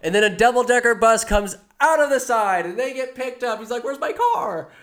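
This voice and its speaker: A man casually recapping a movie scene by scene, talking fast and animated, with quick impressions of the characters. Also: very high-pitched.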